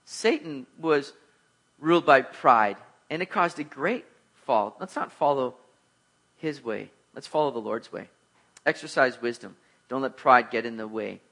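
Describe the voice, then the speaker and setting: Bright-voiced man preaching a sermon. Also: medium pitch, expressive, a little slow. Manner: conversational, joking, rising to emphatic exhortation. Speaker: pastor.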